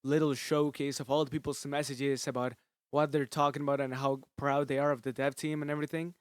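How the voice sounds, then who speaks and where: A man's voice: medium pitch, flat delivery, a little fast, smooth, no echo, studio quality. A man doing casual video commentary, frustrated and complaining, swearing now and then. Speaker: gaming commentary YouTuber.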